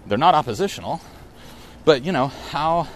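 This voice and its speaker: A man's voice: on the high side, animated, moderate pace, slight background noise. Reflective man rambling on a bike ride. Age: 40s. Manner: rambling, reflective and self-correcting. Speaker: podcast host. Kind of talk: casual solo podcast monologue. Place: outdoors on a bike ride through a park.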